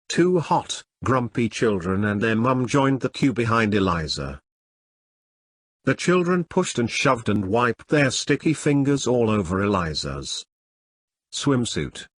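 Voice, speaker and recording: Slow husky man reading a schoolbook. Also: mid-range voice, a bit bright, dry recording, clean studio sound. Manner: slow, deliberate, word-by-word. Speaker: textbook reader. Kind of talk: reading a school lesson aloud.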